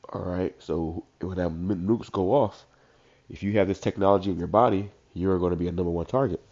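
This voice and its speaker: A man with a stuffed-up voice who reads verses slowly, then comments on them in casual slang. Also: sits low, steady tone, a little mellow. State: congested, stuffed up. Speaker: street preacher. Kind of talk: informal scripture commentary. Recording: dull lo-fi recording.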